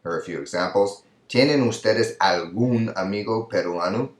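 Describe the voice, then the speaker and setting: A man's voice: on the low side, normal speed, reverberant. A man teaching a recorded lesson over slides. He explains patiently and keeps checking with "right?". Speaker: Spanish teacher.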